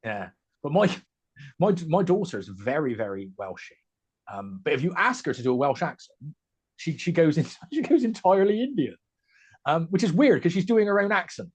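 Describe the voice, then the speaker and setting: A man's voice: on the high side, sing-song, breathy edge. A man from the West Country of England with a West Country accent, a guest comedian chatting casually over a video call and often restarting his sentences. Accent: West Country English. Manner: halting, many restarts and fillers. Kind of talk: casual podcast chat.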